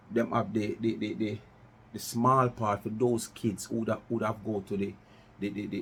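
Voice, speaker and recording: A middle-aged Jamaican vlogger from West Kingston rants in commentary with a lowish voice, over slight background noise. He challenges listeners with repeated rhetorical questions and slips into patois.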